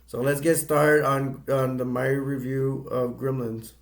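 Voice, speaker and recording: A man giving a casual movie review, retelling the plot in a rambling, halting way with many restarts. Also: mid-range voice, flat delivery.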